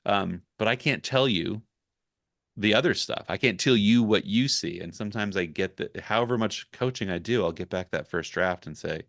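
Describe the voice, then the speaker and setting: Low-voiced man, dry close sound. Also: normal speed, gravelly, fairly bright tone, no echo. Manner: candid, reflective, talks it through. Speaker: ghostwriter guest. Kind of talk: casual podcast conversation.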